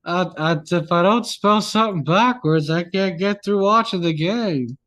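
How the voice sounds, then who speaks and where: A goofy man riffing on a casual radio talk show, slipping into mock sportscaster bits between his laughs. His voice sits a bit higher than most men's. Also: normal speed, fairly bright tone, dry recording. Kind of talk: joking banter.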